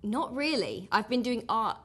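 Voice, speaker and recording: A woman's voice: fairly high pitch, big pitch swings, unhurried, a bit bright. A woman in her thirties from England with an Essex accent, chatting casually as a guest in an interview. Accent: Essex English. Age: 30s.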